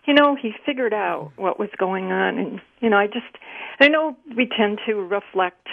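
A woman's voice: mid-range voice, expressive, normal speed, creaky. A woman calling in to a radio show, eagerly telling personal stories. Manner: eager, chatty storyteller. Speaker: caller. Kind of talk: phone-in story telling. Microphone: telephone. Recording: tinny phone line.

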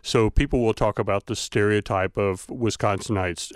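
Academic guest, male, light Southern accent, lowish smooth voice, dry studio sound. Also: steady tone, normal speed, no room sound. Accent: light Southern American. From Southern United States. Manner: thoughtful, frequent uh fillers, academic. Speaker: linguistics professor guest. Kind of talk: explanatory interview answers.

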